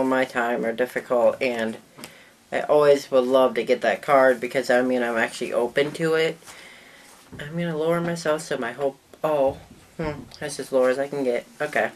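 Woman with a really low voice rambling through a casual show-and-tell vlog, trails off a lot. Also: a little hiss or hum. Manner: chatty and rambling, often trailing off. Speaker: vlogger.

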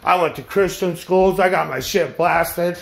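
A man's voice: high voice, a little slow, gravelly. A man ranting angrily at his viewers, boastful and aggressive, swearing constantly. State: angry. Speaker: vlogger ranting to camera. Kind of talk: profane angry rant.

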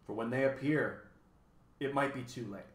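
A man voicing a pompous male math wizard who thunders loudly and turns to ominous hushes, in an echoey room. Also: medium pitch, normal speed, lightly acted. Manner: thunders loudly, then drops to ominous hush.

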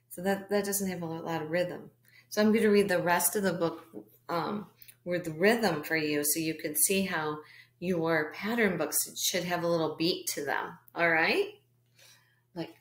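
A woman teaching kindergarteners a reading lesson, speaking slowly and encouragingly straight to the children. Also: mid-range voice, a little hiss or hum. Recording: echoey room.

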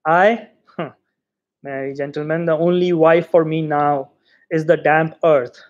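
A man voicing a humble, grieving old male cab driver who speaks softly and haltingly. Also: fairly high pitch, fairly even intonation, lo-fi sound, close to an everyday voice. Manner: soft, halting, sorrowful.

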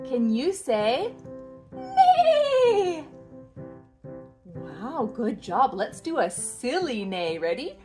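A woman teaching toddlers first phrases in a slow, playful, sing-song way, repeating simple sentences and making animal sounds. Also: medium pitch.

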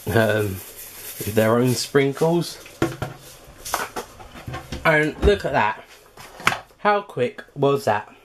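A man talks through a home cooking vlog in a loose, chatty way. He leans on "um" and small asides and sometimes carries on with food in his mouth. His pitch sits in the middle for a man. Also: big pitch swings, extremely slow, long pauses, background noise. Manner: chatty, filler-heavy, eating while talking. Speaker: cooking channel host.

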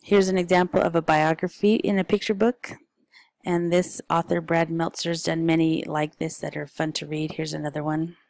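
A woman's voice: low voice, flat delivery, moderate pace, a little mellow, no room sound, poor audio. A woman, a parent, chatting casually and informally through a stack of picture book recommendations, with frequent ums and uhs.

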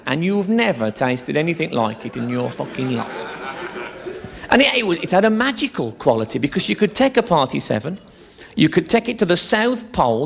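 A man's voice: fairly high pitch, creaky. A man doing a live stand-up routine on a theatre stage, telling bawdy, swear-laden stories in a chatty way. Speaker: stand-up comedian.

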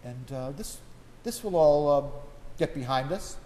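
A man's voice: a little high, animated, measured pace, dark tone. A man preaching an informal sermon as a priest, chatty, with homely stories. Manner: conversational, folksy storytelling. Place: church. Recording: long church reverb, faint background hum.

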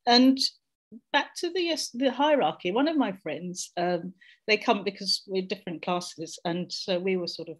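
Middle-aged woman from Jamaica, panelist on a video call, reflective, mid-pitched. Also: expressive, unhurried. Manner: reflective, searching for words. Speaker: discussion panelist. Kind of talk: personal reflection in a group discussion.

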